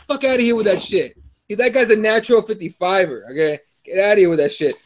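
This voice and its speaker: A man co-hosting a casual livestream podcast, reading chat comments aloud in a profane, animated way. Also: high voice, fast.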